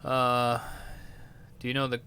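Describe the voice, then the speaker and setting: A man's voice: mid-range voice, monotone, slow, vocal fry, sharp tone, slight background noise. A young man hosting a podcast, reading news stories aloud and reacting with crude, irreverent jokes. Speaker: podcast host.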